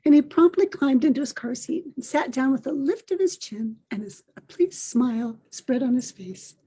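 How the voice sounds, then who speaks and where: An older woman hosting a podcast, telling a personal story in a gentle, reflective way. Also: high-pitched, lively intonation, normal speed, breathy edge. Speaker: podcast host.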